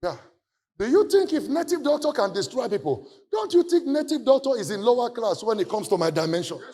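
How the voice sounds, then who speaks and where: A male pastor preaching a sermon testimony, answered by his congregation, moving from hushed talk to loud shouting. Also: very high-pitched, big pitch swings, fairly quick, a little hiss or hum. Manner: preaching with call and response from the congregation.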